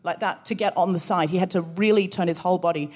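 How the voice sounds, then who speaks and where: Woman, podcast co-host, animated live storytelling on stage. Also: on the low side, quick pace. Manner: animated, acts out voices in stories. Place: live show venue.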